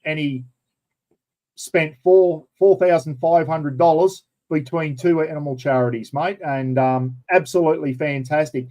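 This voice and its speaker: A man's voice: a little high, a little slow, mellow, low-quality recording. An Australian man hosting a casual live chat, rambling and chatty, calling everyone mate. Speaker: livestream host.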